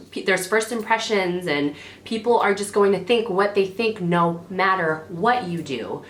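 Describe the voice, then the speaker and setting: A woman in her twenties giving rambling, sassy advice straight to her camera, often correcting herself as she goes. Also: lowish voice. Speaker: beauty vlogger. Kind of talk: casual chatty advice to camera. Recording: roomy home camera audio.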